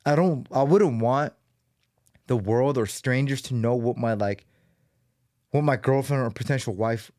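Thirties male podcast host, mid-pitched, loose and profane, close dry mic. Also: measured pace, long pauses, a little mellow, dry recording. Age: 30s. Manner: loose, profane, rambling with many fillers. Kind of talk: solo podcast monologue.

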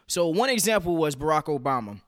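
A man's voice: fairly high pitch, very animated, a little fast, dry recording, studio quality. A young man from the United States hosting a casual solo podcast from his home kitchen, chatty and full of "man" and "you know". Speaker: podcast host.

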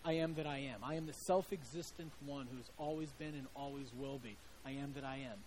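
A man's voice: high voice, quick pace, dark tone, slight background noise, natural voice. A man preaching voices God as a patient deity, first casual, then solemn and declaring. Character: God, patient and all-powerful male deity.

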